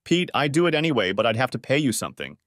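A man's voice: medium pitch, sing-song, fast, a bit bright, no echo, studio quality. A man voicing a frank, teasing woman. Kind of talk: story narration with voiced dialogue.

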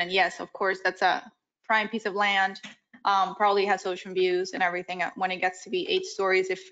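A woman board member who is losing her voice, speaking in a measured, conciliatory way at a public meeting. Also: mid-range voice, a bit bright. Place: municipal board meeting room. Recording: muffled meeting audio.

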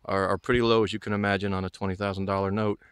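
Very fast and flat in delivery, his voice on the low side yet clear and resonant, a middle-aged man from the American South vlogs a casual homestead walking tour outside. He rambles with plenty of fillers and restarts, and there's no echo.

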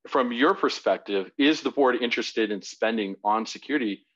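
A man's voice: mid-range voice, normal speed, fairly bright tone. A man giving a live online presentation in a conversational way, with frequent fillers and restarts. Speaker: webinar presenter. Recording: dull lo-fi web audio.

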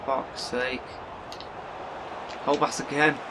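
A man talks through a video game as he plays. His voice sits at an ordinary middle pitch, and he swears freely and breaks into loud outbursts at the screen. A faint hiss runs under the recording. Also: slow. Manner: excitable, swears often, bursts into shouts at the game. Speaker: gaming video creator. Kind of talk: live gameplay commentary.

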